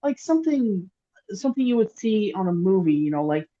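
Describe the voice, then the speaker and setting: A woman's voice: mid-range voice, sing-song, brisk, warm tone, lo-fi sound. A woman co-hosting a casual chat over a remote call, telling an emotional story in a rambling way with many restarts. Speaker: psychic, podcast co-host. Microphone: remote call microphone.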